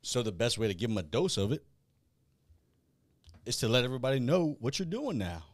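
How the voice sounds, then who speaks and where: A man, hosting a casual podcast and talking in a blunt, profane, animated way. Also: medium pitch, brisk, no room sound. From South Louisiana. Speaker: podcast host.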